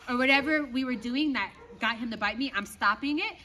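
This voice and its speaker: A woman with a high voice coaching her dog and talking viewers through each step in a firm, brisk way. She keeps checking in with short tag questions. A faint hiss of outdoor noise sits underneath. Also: sharp tone. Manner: talks to viewers while praising and commanding her dog. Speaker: dog trainer. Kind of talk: outdoor training demonstration.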